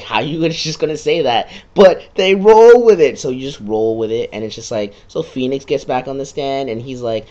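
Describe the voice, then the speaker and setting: A man's voice: medium pitch, muffled recording. A man giving a casual, sarcastic recap of a video game, swearing freely and slipping into quoted lines. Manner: sarcastic, profane, jumps into quoted voices.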